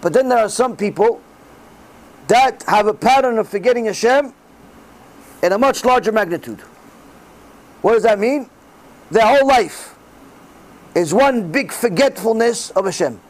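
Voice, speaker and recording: A man's voice: high voice, lively intonation, unhurried, pauses often, poor audio. A middle-aged man giving a sermon as a rabbi, telling stories with acted dialogue and sprinkling in Hebrew religious terms. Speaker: rabbi giving a Torah class.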